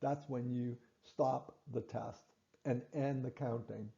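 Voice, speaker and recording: A man's voice: mid-range voice, fairly even intonation, slow, creaky, dark tone, muffled recording. A man explaining a breathing test to patients, repeating and stressing key points with fillers and restarts. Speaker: clinician teaching patients. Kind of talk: instructional explanation.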